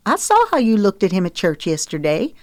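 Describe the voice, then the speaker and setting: A woman's voice: mid-range voice, wildly swooping pitch, a little fast, dry recording, pitched above the performer's own voice. Woman voicing Bertie, a blunt mother. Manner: frank, coaxing, plainspoken. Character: blunt, doting middle-aged mother.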